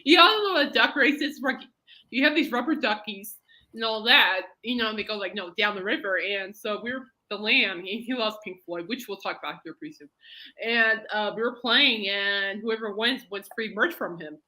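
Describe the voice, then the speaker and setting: A talkative woman hosts a casual podcast, wandering from story to story. Her voice is bright and forceful, sitting at a middle pitch for a woman. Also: moderate pace. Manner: rambling, chatty storyteller. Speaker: podcast host. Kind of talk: casual chat.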